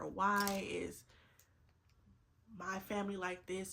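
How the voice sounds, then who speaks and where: A woman's voice: mid-range voice, little pitch movement, measured pace, vocal fry, pauses often, bright, forceful tone. A woman in her twenties chatting earnestly to camera while getting ready, repeating herself for emphasis and fighting back tears. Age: 20s. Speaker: vlogger. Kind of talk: casual get-ready-with-me chat.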